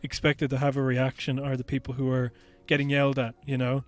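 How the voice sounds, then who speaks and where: A man's voice: medium pitch, completely flat delivery, a little fast. A man co-hosting a podcast, telling stories in an earnest, reflective way with lots of "like" and "you know". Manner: earnest, reflective storytelling with many fillers. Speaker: podcast co-host. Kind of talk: casual chat.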